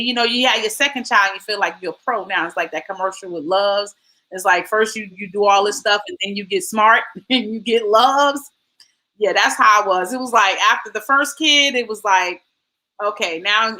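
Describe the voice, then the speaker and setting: Bright-voiced animated woman in her forties. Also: medium pitch, normal speed, rough recording. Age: 40s. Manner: animated storytelling, acts out quotes. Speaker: host. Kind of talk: casual chat.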